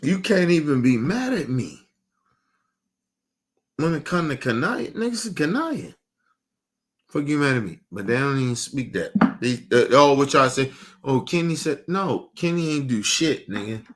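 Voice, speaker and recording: A man ranting heatedly and profanely on a casual stream as its host, repeating himself and swinging from loud bursts to low mutters. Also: sing-song, moderate pace.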